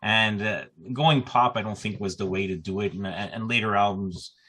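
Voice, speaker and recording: A man's voice: on the low side, moderate pace, bright, forceful tone. A man speaking as a panel guest on a podcast, talking casually and often repeating words as he starts a sentence.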